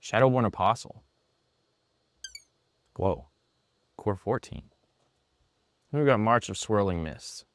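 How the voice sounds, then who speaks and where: A man presenting an app in a product demo, talking excitedly and a bit sarcastically in an indoor room. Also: fairly low pitch, slow, long pauses, no echo.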